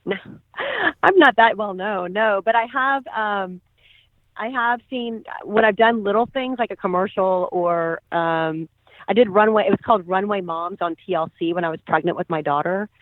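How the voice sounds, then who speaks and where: A woman guest on a podcast, chatting casually, often laughing and pausing with fillers. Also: medium pitch, lively intonation, no echo. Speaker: guest actress. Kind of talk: casual interview chat. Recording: tinny phone-line sound.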